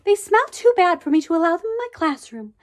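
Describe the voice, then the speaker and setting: A woman voicing a prim schoolteacher who scolds her class gently, in a storybook reading. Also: extremely high pitch, big pitch swings, fast, pitched above the performer's own voice. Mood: scolding. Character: prim, patient female schoolteacher.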